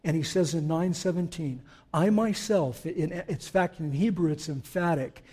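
A male pastor preaching a sermon, moving from quiet, conversational explanation with asides to the congregation into loud, emphatic declarations. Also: on the high side, moderate pace, breathy edge.

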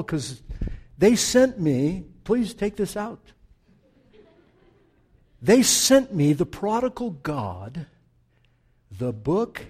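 An older male pastor preaching a sermon, telling a story with animated energy that settles into soft, prayerful speech. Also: high-pitched.

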